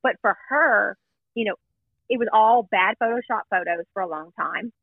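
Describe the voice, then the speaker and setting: A woman's voice: medium pitch, normal speed, vocal fry, slightly rough, dry recording. A woman guest chatting casually and emphatically, driving home her points as she recounts a story. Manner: emphatic, chatty, stresses points with "let me tell you". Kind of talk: casual gossip chat. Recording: tinny phone-line audio.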